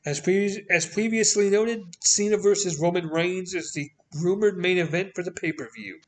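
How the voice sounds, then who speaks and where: A podcast host with a Canadian accent and a high-pitched voice reads news items aloud at a moderate pace. He tosses in blunt, sweary, sarcastic asides in a casual style.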